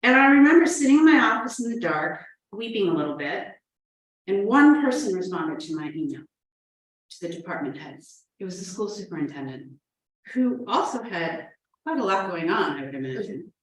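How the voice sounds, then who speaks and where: In a sing-song, medium-pitched voice at a moderate pace, a woman from New Hampshire gives a prepared conference talk as a librarian. She tells stories earnestly with playful asides, and the distant mic makes the sound roomy and echoey.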